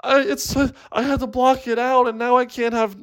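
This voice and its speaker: Man putting on a tearful young woman, high pitched voice well above his own, choked, halting, distraught, comedy podcast bit. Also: flat delivery, clear, resonant tone. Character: tearful young woman recounting childhood trauma.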